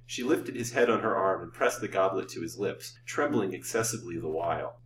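A man reading an old-fashioned novel aloud as a storyteller, in a measured, theatrical way. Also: sits low, fairly bright tone. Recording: roomy, distant mic, faint hum.

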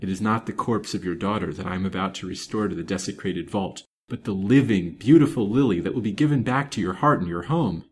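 A man voicing a confident detective in a brisk, firm, assured manner. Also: mid-range voice, lively intonation, a little hiss or hum, close to an everyday voice.

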